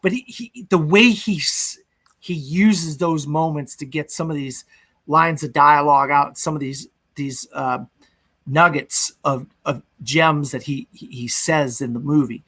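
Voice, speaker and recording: A slightly high-voiced young man talks loosely through a film's plot on a podcast. He rambles with fillers and throws in the odd shouted quote. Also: measured pace, slightly rough. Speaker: podcast co-host. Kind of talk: casual movie discussion.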